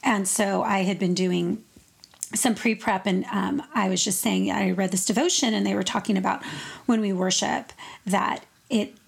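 A woman's voice: medium pitch, normal speed, gravelly, husky. A woman worship leader in an earnest, casual devotional chat about faith. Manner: earnest, animated when retelling stories.

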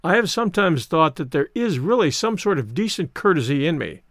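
A man narrating an audiobook in a measured, expressive way. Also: a little high, no echo, studio quality.

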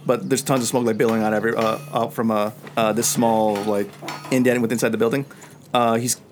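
A man's voice: medium pitch, flat delivery, brisk. A man runs a tabletop game as game master, describing scenes with plenty of filler words. He laughs easily between lines. Faint background noise sits under his voice. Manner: laughs often, many fillers.

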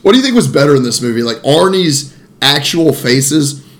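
A man's voice: a little high, very animated, moderate pace. A man co-hosting a casual movie podcast, crude and joking, laughing a lot. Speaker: podcast co-host.

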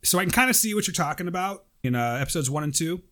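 Speaking very fast in a fairly high voice, a male podcast co-host chats casually and reads a listener's email aloud. He's animated throughout and tosses in jokes along the way.

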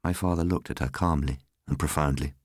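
Deep-voiced man reading a story. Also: fairly even intonation, a little fast, no room sound, studio quality. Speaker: narrator. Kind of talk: scripted storybook narration.

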